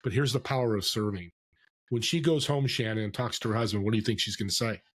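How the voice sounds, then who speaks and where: Animated storytelling man. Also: on the low side, quick pace. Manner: animated storyteller, acts out quoted voices. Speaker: podcast guest. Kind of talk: storytelling interview. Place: California.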